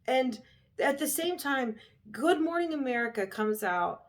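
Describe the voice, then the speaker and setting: A woman's voice: sits high, expressive, a little slow. A young adult woman vlogging, ranting bluntly and heatedly in a casual, profane way. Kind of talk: casual rant to camera.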